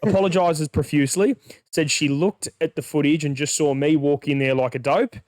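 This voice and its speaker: A man's voice: fairly high pitch, a little fast, no room sound, clean studio sound. Young man telling a wild story. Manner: animated, swears freely, acts out dialogue. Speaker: podcast co-host. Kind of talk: casual storytelling.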